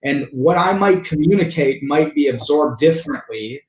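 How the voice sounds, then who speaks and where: A man telling a story in a casual podcast interview, animated and full of fillers and restarts. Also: fairly high pitch, normal speed, a little hiss or hum. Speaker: podcast guest, sales engineering leader. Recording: roomy echo.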